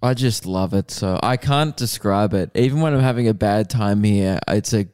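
A man's voice: lowish voice, normal speed, darkish tone, clean tone, dry recording, clean studio sound. A young man co-hosting a comedy podcast, rambling through self-mocking stories. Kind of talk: casual comedy podcast banter.

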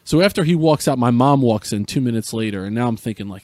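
A man's voice: medium pitch, animated, fast, hardly any pauses, a little mellow, dry recording. A middle-aged man from Central New Jersey, a podcast guest earnestly retelling a painful personal story with frequent restarts.

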